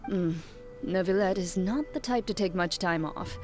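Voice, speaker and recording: A woman voicing a calm, composed young huntress in a video game, speaking tersely and with dry formality. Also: fairly low pitch, normal speed, faint music behind, natural voice. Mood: cool.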